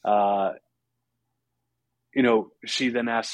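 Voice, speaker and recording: A man's voice: on the low side, fairly even intonation, normal speed, dry recording. A man hosting a podcast, casually recapping a horror film with fillers and chuckles. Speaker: podcast host.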